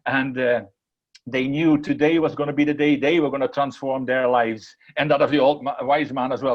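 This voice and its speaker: A man's voice: mid-range voice, fairly even intonation, normal speed, muffled recording. A man giving an emphatic inspirational talk, repeating key words and sometimes restarting as he tells a story. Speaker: motivational speaker.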